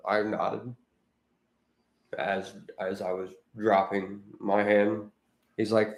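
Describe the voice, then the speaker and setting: A chatty man co-hosting a podcast and telling his stories with lively energy. His voice sits on the low side, and the room around him rings with a noticeable echo. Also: drawn-out words, long pauses. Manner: talkative, animated anecdote teller. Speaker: podcast co-host. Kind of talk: casual storytelling chat. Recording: roomy echoey room.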